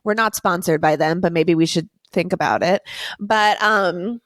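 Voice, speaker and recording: A woman's voice: fairly low pitch, moderate pace, a bit bright, no room sound, studio quality. A young woman from Florida co-hosting a podcast, chatting casually in a gushing, playful way. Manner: gushing, playful, reacts eagerly. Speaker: podcast co-host. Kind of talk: casual chat.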